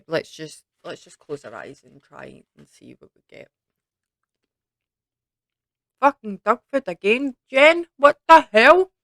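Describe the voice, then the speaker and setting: A woman's voice: sits low, a bit bright, clear, resonant tone, dry recording. A young woman with a Scottish accent chatting casually to camera in a Q&A, rambling with lots of fillers. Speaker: YouTube creator.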